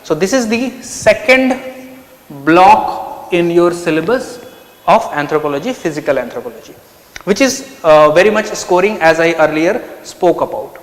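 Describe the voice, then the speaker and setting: A man's voice: high-pitched, lively intonation, moderate pace, roomy sound, long reverb tail. A man teaching an online lecture, explaining step by step and asking himself questions. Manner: explanatory, asks and answers his own questions. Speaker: anthropology teacher.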